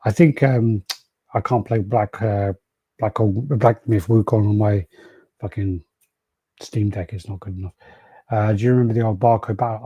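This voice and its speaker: A man's voice: on the low side, fairly even intonation, moderate pace, dark tone, breathy edge, no echo, lo-fi sound. A man hosting a casual podcast, rambling through stories, acting out quotes and swearing freely. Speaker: podcast host. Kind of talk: casual chat.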